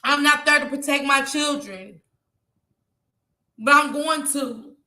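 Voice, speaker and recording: High, bright, tearful woman vlogger. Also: takes it slowly, echoey room. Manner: impassioned, preachy, reads out chat comments. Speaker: YouTube vlogger. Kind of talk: emotional livestream talk to viewers.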